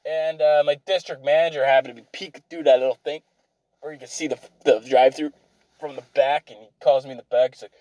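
A man's voice: mid-range voice, fairly quick, warm tone, no echo, low-quality recording. A tired man telling rambling, profane stories about old jobs, from a car. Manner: profane, rambling, self-deprecating. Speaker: vlogger. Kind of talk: rambling storytelling.

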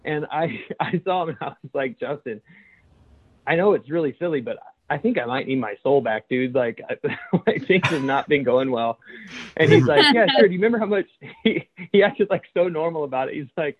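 A man's voice: on the high side, big pitch swings, normal speed, breathy edge. A man, a chaplain and podcast co-host, telling a story in casual chat and laughing as he goes. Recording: tinny phone-like line.

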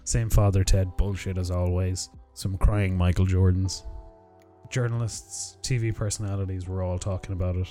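Deep-voiced man reading a story. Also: little pitch movement, normal speed, dark tone. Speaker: narrator reading short stories. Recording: music bed under the voice. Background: music.

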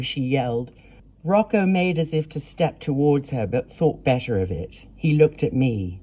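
Low, mellow woman reading her memoir. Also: lively intonation, breathy edge. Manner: measured, plain storytelling with blunt profanity in quotes. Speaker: memoir narrator. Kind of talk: first-person memoir reading.

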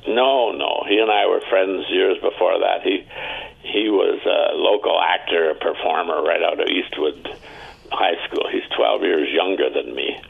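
An interview guest in his seventies from Ontario, Canada, tells chatty anecdotes a little slowly, acting out the voices he quotes. His very deep voice is gravelly and husky, heard over a tinny line in this storytelling interview.

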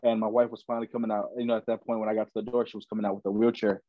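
A man's voice: on the low side, little pitch movement, very fast, no room sound. A young man, a podcast guest, tells his story in a loose, chatty way, full of "man" and "bro". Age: young adult. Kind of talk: casual storytelling. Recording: dull lo-fi dry recording.

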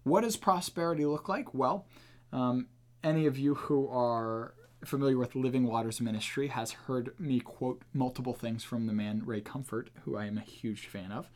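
An earnest man hosts a podcast and teaches in a casual way. His voice is mid-pitched, and he leans hard on key words as he explains. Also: moderate pace. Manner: earnest, emphatic, with restarts. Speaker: podcast host teaching the Bible.

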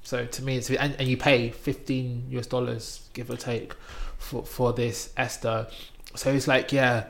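Gravelly man telling a story casually. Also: mid-range voice, unhurried. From Britain. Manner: animated storytelling, acting out quoted voices loudly. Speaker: storyteller in a conversation. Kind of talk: casual chat, anecdote.

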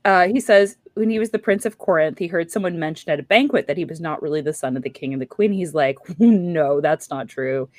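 A woman's voice: lowish voice, fast, hardly any pauses, no room sound. A woman hosting a podcast, retelling an ancient tragedy in an irreverent, profane, casual way. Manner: irreverent, profane, laughs often. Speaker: podcast host. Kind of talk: casual comic retelling of a myth.

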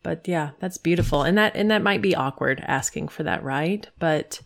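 A woman with a low, gravelly voice co-hosts a casual podcast chat. She mostly agrees with her partner and laughs often as she talks. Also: normal speed. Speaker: podcast co-host.

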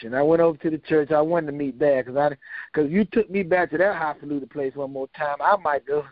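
Older man, folksy joking storyteller, slightly high voice, dry sound. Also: fast, no room sound. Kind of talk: casual storytelling. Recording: dull, lo-fi dry recording.

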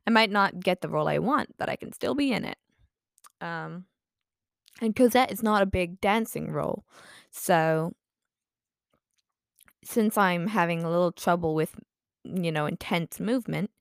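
A woman's voice: lowish voice, a little slow, vocal fry, long pauses, smooth, dry recording, clean studio sound. A woman chatting casually in a vlog, rambling and self-deprecating with lots of fillers, her voice a bit tired. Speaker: vlogger.

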